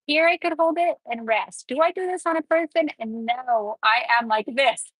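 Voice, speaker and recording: Husky-voiced woman nail tech teaching live. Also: high voice, moderate pace, fairly bright tone, no echo, low-quality recording. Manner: chatty, explains each step while working.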